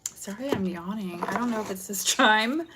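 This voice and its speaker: A woman with a mid-range voice and moderate pace does a chatty, rambling live tarot reading from home, often dissolving into giggles. The stream is noisy, with cards being shuffled.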